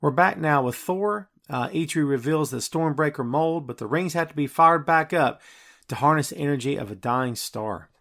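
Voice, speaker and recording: A man's voice: on the high side, animated, moderate pace, a bit bright. A man hosting a podcast and recapping a film scene by scene in casual, enthusiastic chat full of fillers. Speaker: podcast host.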